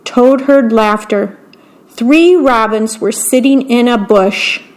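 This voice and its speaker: A woman reads a children's bedtime story aloud as a volunteer radio reader. Her voice sits fairly high and her pace is slow and unhurried. The reading is clear and gentle.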